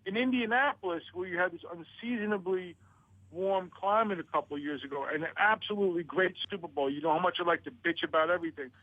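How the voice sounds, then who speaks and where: A man's voice: high-pitched, fast, dry recording, narrow, tinny audio. A man on a radio talk show who stammers through restarts and rants about his complaints. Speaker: author guest.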